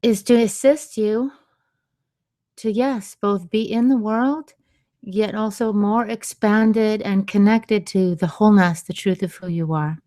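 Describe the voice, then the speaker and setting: A woman hosting a radio show on sound healing, talking gently and unhurriedly, with soft laughs and quiet asides. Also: mid-range voice, a little slow, no echo, studio quality. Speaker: radio show host and vocal sound healer. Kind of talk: slow, soothing radio talk.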